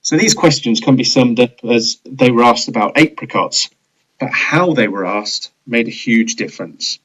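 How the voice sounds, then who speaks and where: A man at a middle pitch talks through a training lesson. He explains each point in a steady, measured way, like a scripted presenter. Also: breathy edge, poor audio. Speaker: leadership trainer.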